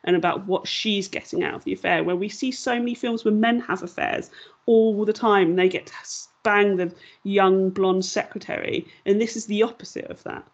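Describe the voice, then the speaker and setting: A woman's voice: mid-range voice, steady tone, normal speed, lo-fi sound. A woman hosting a casual film discussion podcast, talking in a rambling, self-deprecating way. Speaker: podcast host.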